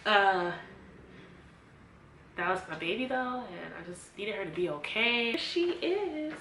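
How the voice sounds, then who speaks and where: A woman telling a personal story in a vlog, animated and acting out what others said, at times close to tears. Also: mid-range voice, a little slow. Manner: emotional, near tears. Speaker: vlogger. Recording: echoey room with faint noise.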